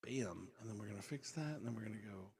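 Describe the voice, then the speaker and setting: A man's voice: on the low side, lively intonation, fast, gravelly, a crowd in the background. A man hosting a casual podcast, rambling loosely through stories with lots of fillers and restarts. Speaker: podcast host and rapper.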